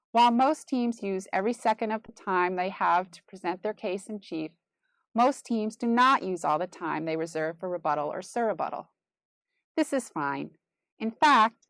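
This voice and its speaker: Woman narrator, mid pitch, dry booth sound; formal and procedural, steady instructional read. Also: no room sound. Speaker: instructor for competition judges.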